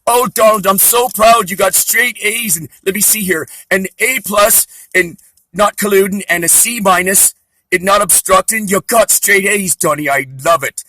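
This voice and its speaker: A man's voice: sits high, normal speed, sharp tone, no echo, soft background music, voice pushed up, low-quality recording. A man voicing a doting elderly mother with a put-on Scottish accent in a sing-song, fussing way.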